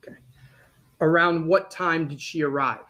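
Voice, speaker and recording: A male attorney questions a witness in court. He asks short, plain questions at a measured pace. His voice sits on the higher side for a man. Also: fairly even intonation, sharp tone. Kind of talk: courtroom examination.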